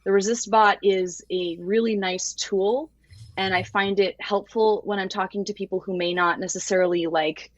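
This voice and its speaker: A woman appears as a podcast guest, a voting-rights activist speaking earnestly and rambling a bit, with plenty of fillers while she gathers her thoughts in casual chat. Her medium-pitched voice is steady and moves at normal speed, captured in a dull, dry, lo-fi recording with no echo.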